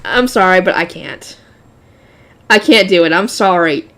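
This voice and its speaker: A woman's voice: on the low side, lively intonation, unhurried, a bit bright. Woman reading a light novel aloud. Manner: laughing, breaks off reading to talk to viewers.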